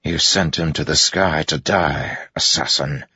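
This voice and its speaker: Brief: a commanding young male fighter as a male narrator reads him, measured and low, muffled sound. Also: pushed and bright, breathy edge, no room sound, full character voice. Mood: defiant.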